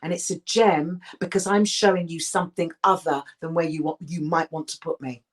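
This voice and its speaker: A middle-aged woman, an actress, talking candidly in an interview, emphatic and animated, with frequent restarts. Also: lowish voice, brisk, breathy edge.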